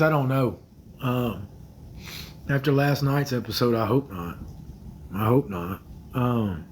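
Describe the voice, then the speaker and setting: A man in his thirties talks casually to his livestream viewers through a phone, mid-pitched and unhurried. He hesitates often, filling gaps with "uh" and "um," and lets his voice sink to quiet murmurs. A faint hiss of background noise sits under the recording. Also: poor audio. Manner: soft-spoken, hesitant, many fillers, drops to quiet murmurs. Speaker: livestream host answering viewer comments.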